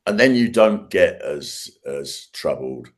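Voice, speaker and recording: A man, a guest, telling stories in casual chat, animated and laughing, with trailing restarts. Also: rumbling low, slow pace.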